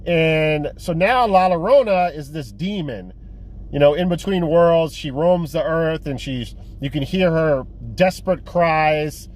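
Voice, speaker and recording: A young man with a somewhat high voice rambles casually about films he collects. He swears freely and keeps restarting his sentences with "uh" and "man." The tone is loose and unscripted, a vlogger talking off the cuff. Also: measured pace. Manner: profane, rambling, lots of fillers and restarts. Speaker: physical media collector vlogger. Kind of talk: casual rambling movie review.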